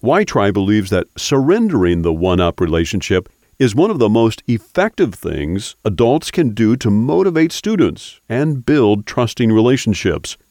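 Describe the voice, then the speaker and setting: A man hosting a podcast, reading scripted narration in a measured way. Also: on the low side, sing-song, darkish tone, no room sound. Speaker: podcast host. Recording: dry studio voice over faint music.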